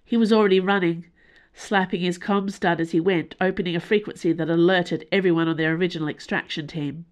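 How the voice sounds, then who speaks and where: A woman narrating a science fiction audiobook with expressive, varied delivery. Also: lowish voice, brisk.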